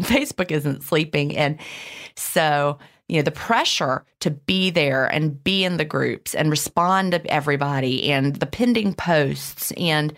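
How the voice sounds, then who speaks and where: A woman with a low voice chats on her podcast, open and emotional. She laughs often and restarts her sentences as she talks. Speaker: podcast co-host. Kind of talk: casual podcast chat.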